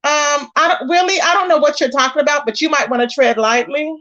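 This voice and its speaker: A woman vents to her live-stream viewers, animated and exasperated. She acts out what others said as she goes. The audio is dull and lo-fi. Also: high-pitched, brisk. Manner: animated and exasperated, acting out quoted lines. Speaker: live-stream commentary host. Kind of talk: casual live-stream commentary, greeting chat viewers.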